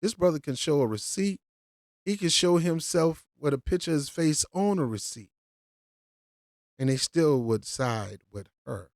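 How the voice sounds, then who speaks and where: A woman's voice: low-pitched, lively intonation, measured pace, a little mellow, no room sound. A woman giving a slangy, mocking reaction commentary on a street video.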